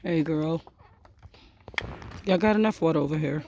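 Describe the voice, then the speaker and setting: A backyard chicken keeper chats to the flock in a casual outdoor vlog, teasing the birds playfully. The voice is mellow and warm, sitting at an ordinary middle pitch. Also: moderate pace, pauses often, a little hiss or hum.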